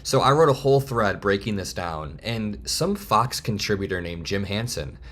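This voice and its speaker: A man in his twenties giving heated, fast political commentary straight to camera. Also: fairly low pitch, lively intonation, fairly bright tone. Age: 20s. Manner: heated, fast, worked-up ranting.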